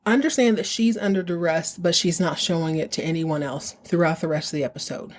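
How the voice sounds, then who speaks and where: A woman hosting a podcast, casually recapping a TV episode in an animated, slangy way and acting out the characters. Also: fairly low pitch, brisk. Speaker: podcast host.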